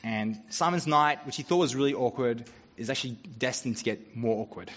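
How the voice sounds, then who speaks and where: Humorous pastor in reverberant church. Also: male voice, mid-range voice, a little fast, a bit bright. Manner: humorous, conversational storytelling. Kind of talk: sermon. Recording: dull sound with long church reverb.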